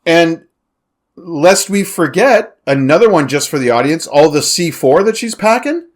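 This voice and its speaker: A man's voice: on the high side, animated, unhurried. A man from Canada co-hosting a movie podcast, chatting casually with jokey sarcastic asides. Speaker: podcast co-host. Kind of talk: casual movie review chat.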